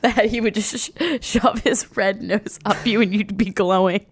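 A woman's voice: mid-range voice, steady tone, moderate pace, slightly rough. A young woman co-hosting a crude comedy podcast, teasing her co-host, laughing often and reading horoscopes aloud. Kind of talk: crude comedic casual chat.

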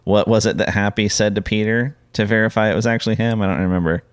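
A man co-hosting a casual podcast, joking in quick banter. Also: on the low side, steady tone, no room sound. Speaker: podcast co-host.

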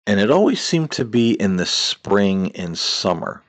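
A man's voice: on the low side, sing-song, measured pace, no echo. A middle-aged man hosting a podcast, telling a personal ghost story in a rambling way with many fillers and restarts. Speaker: podcast host.

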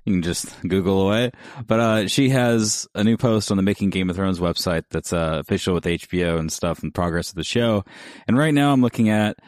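A man's voice: sits low, fairly quick, no room sound, studio quality. A man co-hosting a podcast in casual chat, wry and jokey. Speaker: podcast co-host.

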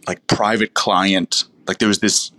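A man's voice: sits low, little pitch movement, a little slow, sharp tone, slight background noise. A man from the United States, a wine professional, telling long rambling stories in a casual interview, full of fillers and restarts. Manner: rambling, self-interrupting storyteller with many fillers.

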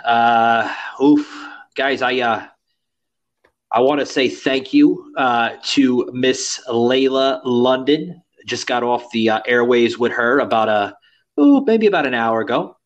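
A man's voice: medium pitch, slow, highs cut off. A man hosting a podcast in casual chat, rambling and crude, with many fillers. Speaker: podcast host.

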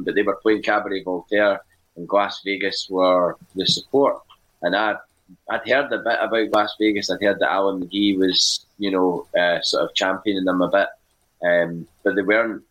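Deep-voiced Scottish man telling stories. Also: a bit bright, highs cut off. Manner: rambling anecdotal storytelling with many fillers. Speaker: podcast co-host and music writer. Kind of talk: casual podcast chat.

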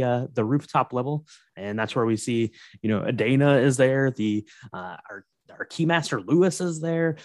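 A man casually recapping a movie on a podcast, relaxed and wry, with fillers. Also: mid-range voice, no echo, studio quality.

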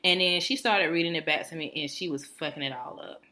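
Animated, profane storytelling woman. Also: sits low, a little fast. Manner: animated, profane, mimics people in her stories. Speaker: podcast co-host. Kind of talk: casual storytelling rant.

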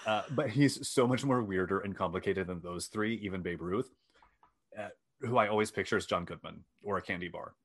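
Low-ish guy telling a story on a podcast, wry and joking at himself, reads off notes sometimes. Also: brisk, husky. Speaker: podcast host. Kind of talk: casual storytelling chat.

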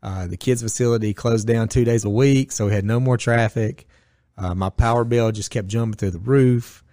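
Man, plain mid-pitched voice, blunt and profane podcast guest telling a story, dry close recording. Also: moderate pace, no room sound. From Northwest Georgia, US. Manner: blunt and profane, with lively acted-out quotes. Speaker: podcast guest, gym owner. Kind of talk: casual storytelling chat.

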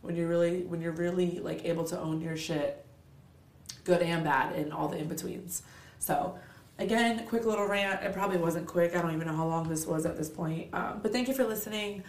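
A woman's voice: fairly low pitch, normal speed, echoey room. A woman hosting a solo podcast, ranting in a candid, blunt, profane and motivational way, tired and with a stuffy nose. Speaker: podcast host.

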